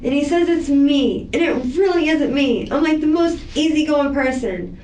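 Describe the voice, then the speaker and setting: A woman's voice: sits high, normal speed, a little mellow, far from the mic. A woman under police questioning, talking in a rambling, defensive way as she vents. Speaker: suspect in police interview. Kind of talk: police interrogation. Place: police interview room. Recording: echoey room, voice from afar.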